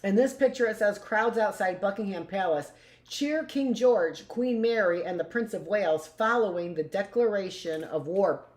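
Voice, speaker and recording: A woman teacher in a live class reads passages from a history book aloud, then breaks off into chatty conversational asides that end with "right?". Her voice is medium-pitched, expressive, and darkish, delivered at a moderate pace.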